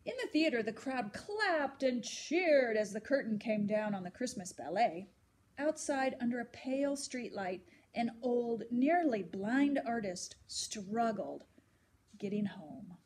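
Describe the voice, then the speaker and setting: Storyteller: woman, fairly high voice, gentle expressive read-aloud, faint hiss. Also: unhurried.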